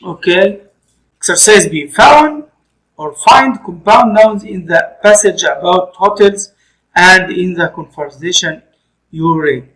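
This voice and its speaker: Egyptian male teacher, bright voice. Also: high voice, unhurried, low-quality recording. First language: Arabic. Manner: explains each point again in Arabic. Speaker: English teacher. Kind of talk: classroom lesson switching between English and Arabic.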